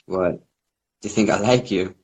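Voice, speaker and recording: A man's voice: low-pitched, moderate pace, darkish tone, low-quality recording. A young man joining a livestream as a guest, playful and teasing, talking while he eats. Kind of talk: casual teasing chat.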